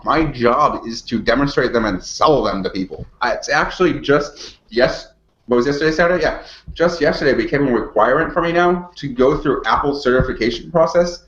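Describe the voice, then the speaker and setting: A male co-host chatting casually, his pitch bouncing all over as he talks and laughs. The recording is roomy and a little dull, like a lo-fi home setup. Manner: animated, laughs often. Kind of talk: casual chat.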